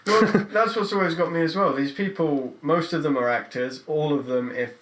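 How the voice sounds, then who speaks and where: A British man co-hosting a podcast, dry and sarcastic, swearing casually in a relaxed chat. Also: on the high side, moderate pace. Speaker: podcast co-host.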